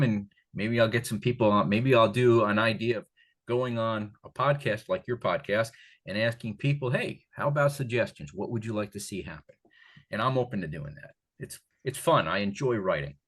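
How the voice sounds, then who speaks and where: An older man from the Catskills talking as an author guest in a casual interview, rambling and animated, with many restarts. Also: lowish voice, normal speed. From Catskills, New York.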